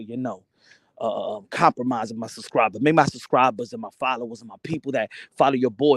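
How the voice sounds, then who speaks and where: A man's voice: medium pitch, dry recording. A man who makes boxing videos, ranting in mock disbelief, swearing and repeating himself for effect. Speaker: boxing content creator. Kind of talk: comic rant to camera.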